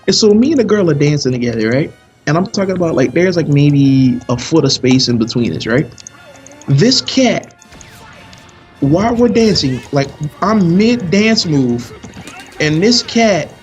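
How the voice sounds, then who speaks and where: A man telling a long story in casual chat during a live game stream, animated and full of slang. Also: on the high side, normal speed, faint music behind. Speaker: stream commentator.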